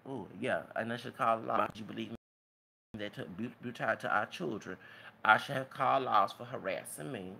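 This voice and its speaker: A man's voice: fairly low pitch, fairly quick, creaky, sharp tone, a little hiss or hum. A man giving an emotional, preachy, rambling rant as a vlogger. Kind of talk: impassioned rant to camera.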